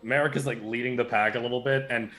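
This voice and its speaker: A man's voice: medium pitch, fairly even intonation, fast, pushed and bright, soft background music. Male player, tabletop game, intense. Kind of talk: casual tabletop play.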